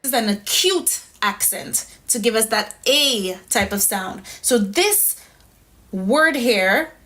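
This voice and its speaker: A woman's voice: a little high, animated, takes it slowly, sharp tone. A woman teaching a pronunciation lesson step by step, patient and methodical, often checking in with "right?". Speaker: language teacher.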